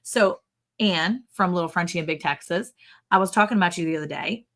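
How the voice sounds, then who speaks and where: A woman's voice: lowish voice, brisk, fairly bright tone. A woman co-hosting a casual livestream from her ranch, rambling and chatty, often correcting herself mid-sentence. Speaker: livestream co-host. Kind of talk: casual live-stream chat.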